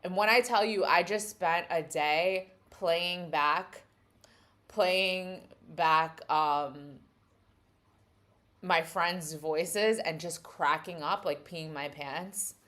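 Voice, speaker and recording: A woman's voice: lowish voice, extremely slow, a bit bright. A woman live-streaming in a casual, rambling way, laughing often and talking to her chat. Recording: music playing behind the voice.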